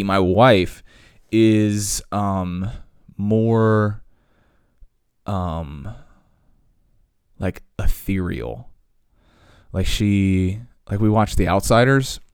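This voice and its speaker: A man's voice: on the low side, smooth, no echo, clean studio sound. A man talking casually, rambling through stories with lots of fillers and asides.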